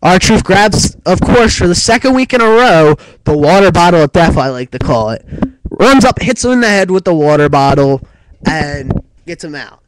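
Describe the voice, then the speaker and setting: A man with a fairly high voice for his sex talks through a recap in casual chat. His delivery is loose and rambling, stacked with "like" and "um" and the odd curse word. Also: animated, normal speed, no echo, poor audio. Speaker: co-host of a wrestling talk show.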